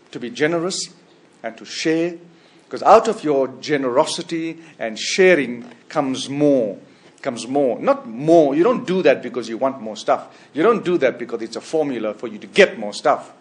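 A man's voice: expressive, moderate pace. Emphatic preacher man with fluctuating delivery. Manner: emphatic, with sudden loud high bursts and trailing quiet endings; frequent restarts and repeated words. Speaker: pastor. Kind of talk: expository sermon.

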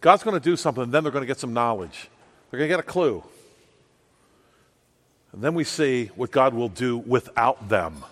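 A man preaching a sermon with passion, swinging from loud outbursts to hushed asides. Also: medium pitch, animated, moderate pace, pauses often. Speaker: pastor. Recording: long reverb of a church hall.

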